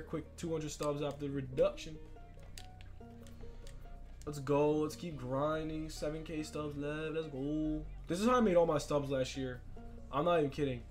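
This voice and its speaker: A young man runs his own channel and narrates sports-game footage in a fairly high, eager voice. He addresses his fans directly, gets loud and hyped, and shouts when excited, with faint background music playing beneath him.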